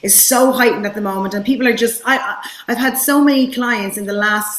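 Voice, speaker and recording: Enthusiastic woman host, roomy sound. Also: mid-range voice. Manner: enthusiastic, with frequent restarts. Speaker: host, therapist. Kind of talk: casual interview chat. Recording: echoey room.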